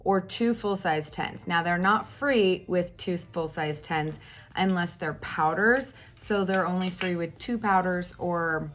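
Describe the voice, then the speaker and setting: A woman in her thirties chatting casually through a makeup tutorial at home, animated, with fillers and exclamations. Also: lowish voice, slow pace. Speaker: makeup vlogger.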